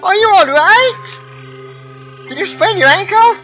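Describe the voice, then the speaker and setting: A woman voicing an eager young schoolgirl heroine from a visual novel in a squeaky, raised voice, reading her lines aloud while playing. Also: animated, unhurried, muffled recording, over music. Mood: concerned.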